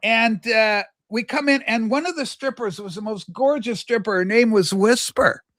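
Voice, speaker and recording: An older man from Canada, co-hosting a casual livestream and telling a rambling story with lively asides. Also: high voice, moderate pace, no echo. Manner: animated, jumps between asides and acted quotes. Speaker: livestream co-host.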